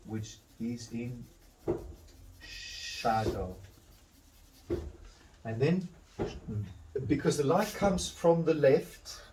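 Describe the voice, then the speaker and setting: A man's voice: mid-range voice, distant mic, noisy background. A man teaching a drawing demonstration, talking through each step and correcting himself as he goes. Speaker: art instructor.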